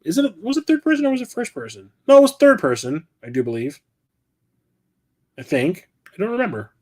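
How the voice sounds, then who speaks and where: This middle-aged man has a high, sing-song voice with a darkish tone and a slightly fast pace. He's a game collector who hosts his own channel, and in this casual vlog he rambles about his collection, correcting himself and swearing freely.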